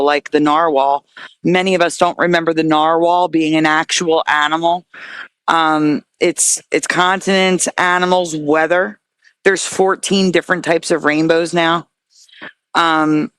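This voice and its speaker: A woman's voice: fairly low pitch, no room sound. Earnest woman guest with a dry voice. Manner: earnest, excitable, restarts words often. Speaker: guest researcher. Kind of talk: casual interview talk.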